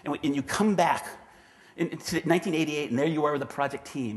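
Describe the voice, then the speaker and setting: A man's voice: medium pitch, quick pace. A man giving a conference talk who acts out quoted voices and often restarts his sentences, on a clip-on mic. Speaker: conference speaker. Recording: long reverb in a hall.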